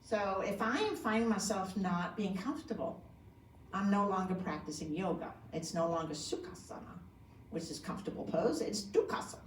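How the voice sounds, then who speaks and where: A woman's voice: medium pitch, moderate pace, slight background noise. Woman, yoga teacher, conversational talk, asks the audience questions, echoey room, distant mic. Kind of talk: informal talk to a group. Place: community room.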